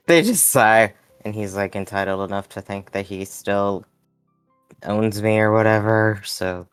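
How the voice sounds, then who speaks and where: A tabletop player speaking in character, hesitant and halting, often repeating words. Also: low-pitched, smooth, no room sound, faint music behind.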